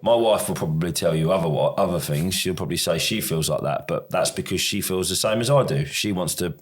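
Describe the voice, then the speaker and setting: A man's voice: sits low, brisk. A middle-aged man from the UK, a podcast co-host, chatting casually in a rambling, self-deprecating way with lots of restarts. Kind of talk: casual chat.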